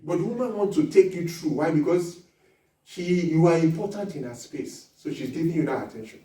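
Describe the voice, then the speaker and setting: A man with a fairly high voice leads a seminar, animated and quick to laugh as he acts out small scenes. He sounds set back from the microphone, and a large hall rings around his words. The talk moves along in a casual, teaching way. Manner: animated, laughs often, acts out little dialogues. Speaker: marriage seminar speaker. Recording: echoey hall recording from far off.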